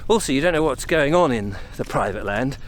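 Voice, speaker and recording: A man's voice: mid-range voice, expressive, brisk, slight background noise. A man from England talking casually to camera as he walks country footpaths outdoors, slightly out of breath, chatty and rambling as he thinks aloud. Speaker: vlogger on a country walk. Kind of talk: casual walking commentary to camera. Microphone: camera on a tripod, set up and carried along.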